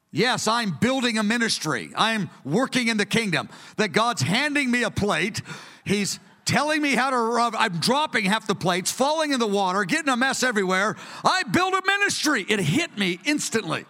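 A man in his sixties preaching a teaching sermon from printed notes, earnest and storytelling, with bursts of excited emphasis. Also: high-pitched. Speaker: preacher teaching a study session. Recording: long reverb of a hall.

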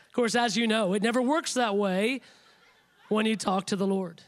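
Emphatic high-voiced male preacher. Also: moderate pace. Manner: emphatic, repetitive, building phrases. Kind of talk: sermon.

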